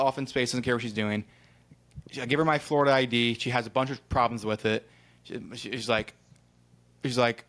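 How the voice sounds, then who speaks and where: A man's voice: medium pitch, steady tone, a little fast, long pauses, fairly bright tone. A man from Ohio co-hosting a podcast, telling a rambling travel story in casual chat and acting out the people in it, with a bit of casual swearing. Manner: rambling storyteller who acts out quoted exchanges, swears casually. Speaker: podcast co-host.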